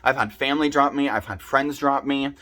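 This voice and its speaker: In a personal video to camera, a young man recounts his recovery, his medium-pitched voice brisk, bright and forceful. He offers heartfelt, earnest advice grounded in what he went through himself.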